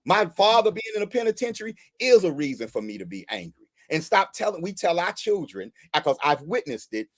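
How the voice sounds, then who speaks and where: Man, talk show guest, impassioned, rhetorical, lively intonation. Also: high-pitched, brisk, few pauses. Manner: preachy, rhetorical, asks "right?".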